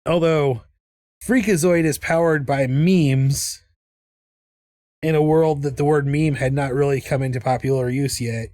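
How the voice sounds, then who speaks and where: Man, streamer, casual rambling chat, slightly high voice, dry sound. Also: fairly even intonation, a little slow, a little mellow, no room sound. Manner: rambling, with many restarts and laughs. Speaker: artist streaming live.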